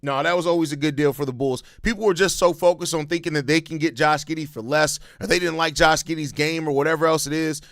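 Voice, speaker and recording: A man hosting a live postgame reaction, talking bluntly with plenty of profanity and breaking into loud rants. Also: a little high, steady tone, fast, few pauses, no room sound, clean studio sound. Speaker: sports channel host.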